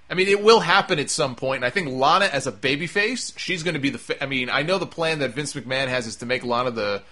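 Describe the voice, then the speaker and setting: A man's voice: medium pitch, pushed and bright. A man giving an opinionated, rambling solo commentary on pro wrestling, emphatic and full of restarts. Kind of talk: casual opinion monologue.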